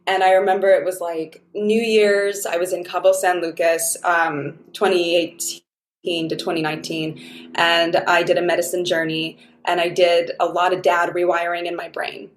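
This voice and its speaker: A woman's voice: lowish voice, level tone, moderate pace, roomy sound, slight background noise. A woman guest on an interview show, telling stories in an effusive, heartfelt, rambling way. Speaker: guest, dating mentor. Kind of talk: casual interview chat.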